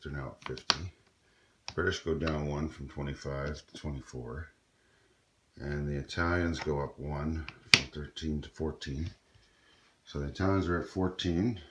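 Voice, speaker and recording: A man casually talking through his moves in a tabletop strategy game, explaining as he goes with plenty of ums and uhs. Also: rumbling low. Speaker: board game player. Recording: echoey room with faint noise.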